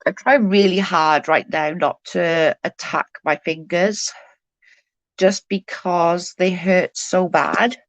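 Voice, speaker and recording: A woman's voice: lowish voice, slow pace, no room sound. A woman hosting a live stream, chatting casually with viewers; she is tired, stutters a little and keeps restarting her sentences. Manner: mild stutter.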